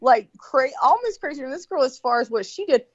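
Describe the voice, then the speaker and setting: A woman telling a story in casual chat, swearing freely and animated, with lots of fillers and restarts. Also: high voice, a little fast, no echo. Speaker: guest recounting a story. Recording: dull lo-fi sound, dry.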